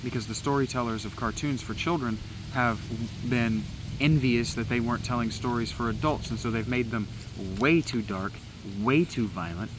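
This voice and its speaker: Over music on a rough recording, a vlogger with a medium-pitched voice speaks at normal speed. He's outdoors among the trees, rambling through a spoken meditation in an agitated, preachy tone with frequent swearing.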